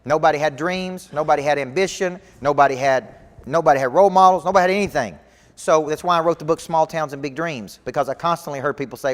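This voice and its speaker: Here the man talks fast, his voice on the high side, giving a motivational talk to an audience as a business coach. Expect a repetitive, emphatic rallying delivery echoing through a long hall reverb.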